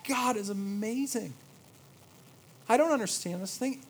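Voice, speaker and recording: A man in his thirties preaching a sermon, moving between quiet reverent passages and lively storytelling. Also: high-pitched, a little slow, breathy edge, low-quality recording. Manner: storytelling, swings from hushed awe to lively anecdote. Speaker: pastor.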